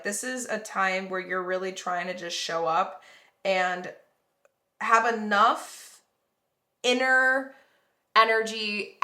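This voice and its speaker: A woman's voice: mid-range voice, pushed and bright, echoey room. A woman giving a casual tarot reading to viewers, rambling and reassuring with lots of fillers. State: yawning, tired. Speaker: tarot reader.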